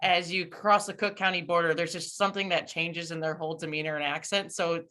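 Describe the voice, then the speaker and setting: Low-voiced woman making wry asides. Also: little pitch movement, brisk, pushed and bright. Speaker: panelist. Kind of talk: casual political discussion.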